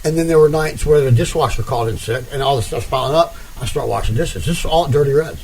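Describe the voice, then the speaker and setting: A man's voice: medium pitch, fast, creaky, darkish tone, a little hiss or hum, low-quality recording. A man interviewing a couple in casual conversation, rambling and restarting as he tells stories. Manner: rambling storyteller with many restarts.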